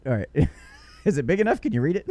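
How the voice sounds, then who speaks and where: A man's voice: fairly high pitch, sing-song, brisk, warm tone, no room sound. A man co-hosting a podcast, rambling and joking with many restarts. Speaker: podcast co-host. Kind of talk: casual chat.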